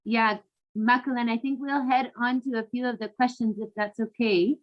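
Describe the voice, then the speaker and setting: A woman's voice: a little high, fairly even intonation, normal speed. A woman facilitating questions in an online session, friendly and upbeat. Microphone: video call. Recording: dull lo-fi video call audio.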